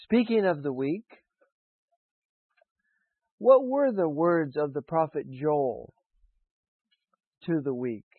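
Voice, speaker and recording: Slow, deliberate male preacher. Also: fairly high pitch, animated, breathy edge, dry recording. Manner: slow, deliberate delivery with long pauses. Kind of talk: sermon with spoken affirmations. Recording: dry, phone-like narrow sound.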